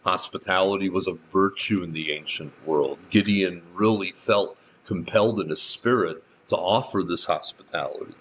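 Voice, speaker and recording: A man's voice: sits low, normal speed, few pauses, fairly bright tone, lo-fi sound, slight background noise. A male pastor reading scripture verse by verse and adding his own remarks, with dry asides in between. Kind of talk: verse-by-verse Bible teaching.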